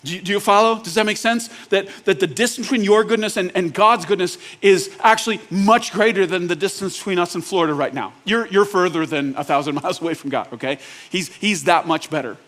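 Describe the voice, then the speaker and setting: A male pastor preaching a sermon in a casual, joking, conversational way, often checking in with the congregation with quick questions. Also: high voice, fairly bright tone. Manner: asks the audience rhetorical check-ins.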